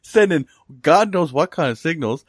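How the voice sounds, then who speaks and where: A man's voice: a little high, animated, moderate pace, slightly rough, no room sound, studio quality. A man on a podcast joking around and laughing often. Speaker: podcast co-host. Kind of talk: casual chat.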